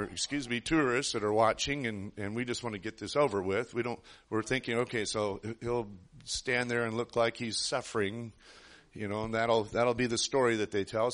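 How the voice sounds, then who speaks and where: Bright-voiced man preaching through a story. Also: mid-range voice. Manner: earnest, rambling, with frequent restarts. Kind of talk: sermon storytelling.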